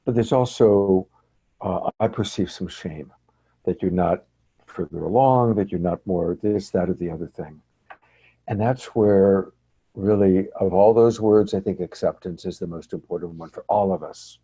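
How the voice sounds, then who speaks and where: A man coaching a training group over a video call, speaking in a gentle, encouraging, affirming way. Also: deep voice, moderate pace, breathy edge, dull audio.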